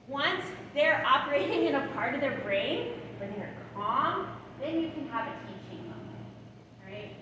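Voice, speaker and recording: High-voiced woman teaching in an echoey hall. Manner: tags lines with "right?" and "all right?"; acts out soothing words to a child. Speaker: guest speaker on attachment. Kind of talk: training talk to foster and adoptive parents. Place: large hall. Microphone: room mic far from the speaker. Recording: echoey hall from far off, noisy.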